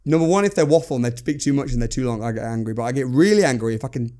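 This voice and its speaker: Fast, animated man, gravelly edge. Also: medium pitch. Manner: animated, blunt, acts out sales dialogue. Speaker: entrepreneur guest. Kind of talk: casual podcast conversation.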